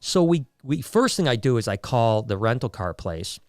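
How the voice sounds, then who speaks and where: A man's voice: mid-range voice, normal speed, dry recording, clean studio sound. A man hosting a podcast, telling a story in a casual way, stumbling over repeated words and acting out the voices of people in it. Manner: animated storyteller with frequent restarts, acting out quoted voices. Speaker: podcast host.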